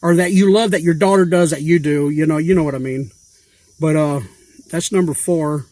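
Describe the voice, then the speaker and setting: This YouTuber has a somewhat high, slightly mellow voice and speaks at a moderate pace. Chatty and meandering, with relaxed grammar, he asks another YouTuber giveaway questions in typical vlog style.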